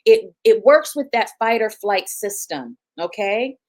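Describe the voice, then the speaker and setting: A woman's voice: mid-range voice, animated, measured pace, a little mellow. A middle-aged woman with a Southern US accent talks as an interview guest. She is chatty and folksy, calls her listeners y'all, and keeps the story moving. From Huntsville, Alabama, USA. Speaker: guest, gynecologist.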